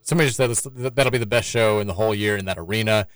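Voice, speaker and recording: Male sports radio host, quick delivery and sarcastic edge, close dry studio sound. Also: lowish voice, clean tone, no room sound. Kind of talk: casual sports talk.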